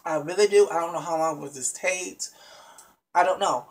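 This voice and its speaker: Speaking at a moderate pace with a medium pitch, this vlogger chats through a reality show episode recap for viewers. The delivery is emphatic and casual, full of restarts and frequent remarks aimed at the audience.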